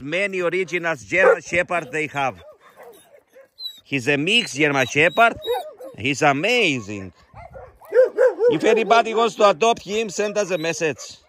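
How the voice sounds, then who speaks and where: Middle-aged male shelter founder, bright and forceful voice, halting non-native English. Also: high-pitched. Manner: fond, coaxing talk to the dogs. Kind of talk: casual vlog narration. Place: animal shelter.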